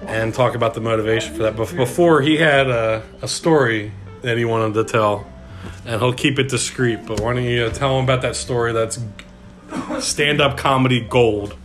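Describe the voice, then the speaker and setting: A man hosting a casual comedy podcast, talking in a halting way full of fillers and jokes. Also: mid-range voice, steady tone, a bit bright, faint music behind. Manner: halting, filler-heavy, jokey. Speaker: podcast host. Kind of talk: casual chat.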